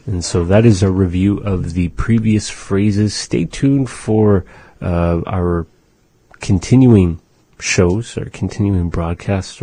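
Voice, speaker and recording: A man hosting a radio language lesson, patiently repeating phrases slowly for learners. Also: sits low, mellow, dry recording. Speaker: language teacher on a radio show. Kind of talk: slow, repetitive language lesson.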